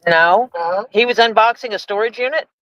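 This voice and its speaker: A woman's voice: medium pitch, fairly quick, fairly bright tone, dry recording, highs cut off. A woman co-hosting a podcast in casual chat, calling in from a car on the road, chatty and teasing. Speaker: podcast co-host.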